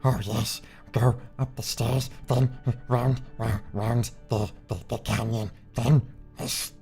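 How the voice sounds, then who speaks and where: A man voicing Smeagol, a wheedling, raspy male creature who talks to himself in a live stream impression. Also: fairly even intonation, slow, a little mellow, soft background music. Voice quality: raspy, hissing. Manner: wheedling, talks to himself, swings wildly in pitch.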